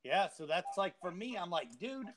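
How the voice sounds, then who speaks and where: A man's voice: sits high, big pitch swings, normal speed, a crowd in the background. A man in casual podcast chat, laid-back and joking, who keeps repeating his phrases.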